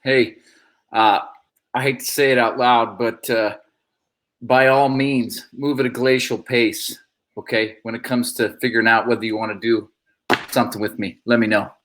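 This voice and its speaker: A man's voice: medium pitch, flat delivery, moderate pace, a bit bright, natural voice. A man improvising a laid-back male rapper leaving a drawling voicemail. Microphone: video call.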